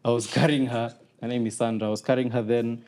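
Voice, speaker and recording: Kenyan man with a mellow voice, chatting. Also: medium pitch, fast talker. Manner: animated, acts out quotes in raised voices, mixes in Swahili. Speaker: podcast guest, comedian and content creator. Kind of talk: casual conversation.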